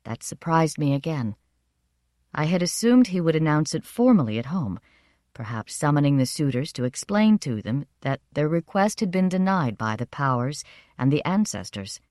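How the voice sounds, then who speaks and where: Woman reading a story aloud, low voice, lots of expression. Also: big pitch swings, moderate pace, darkish tone, no echo, studio quality. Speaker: audiobook narrator. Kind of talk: first-person scripted narration.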